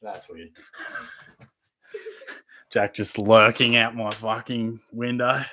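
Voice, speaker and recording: A man's voice: mid-range voice, steady tone, very slow, bright, forceful tone, a little hiss or hum. An Australian man hosting a casual live-stream Q&A, reading chat questions aloud in a laid-back, jokey way, laughing often and swearing casually. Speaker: fantasy footy livestream host. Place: at home.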